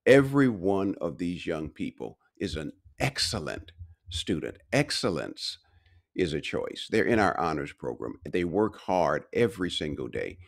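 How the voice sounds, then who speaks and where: A man's voice: low-pitched, sing-song, unhurried, creaky. A man giving a short devotional sermon, preaching with emphatic repetition and rising, driving phrases. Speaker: pastor and university speaker.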